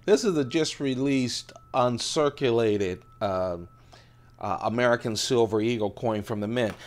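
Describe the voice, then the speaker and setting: A man's voice: medium pitch, a little slow. A man in his late fifties, casually showing his pocket items on a vlog, rambling and laughing as he goes. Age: 50s. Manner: chatty, laughs often, digresses. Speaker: EDC video host. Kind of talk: casual rambling show-and-tell.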